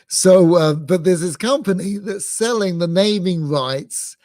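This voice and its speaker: A man's voice: sits high, a little slow, darkish tone, no echo, studio quality. A middle-aged man from England, a rabbi giving a rambling lecture, full of restarts and fillers, amused by his own asides. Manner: digressive, many restarts and fillers, self-amused.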